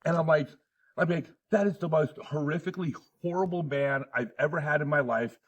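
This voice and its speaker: A man's voice: on the high side, fairly quick, far from the mic. A middle-aged man hosting a casual conversation, telling stories and laughing often. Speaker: podcast host.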